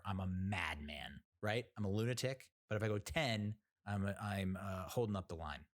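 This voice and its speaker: A man's voice: on the low side, normal speed, hardly any pauses. A man hosting a podcast, telling a story in a rambling, sarcastic way with lots of fillers. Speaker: podcast host. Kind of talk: casual storytelling monologue.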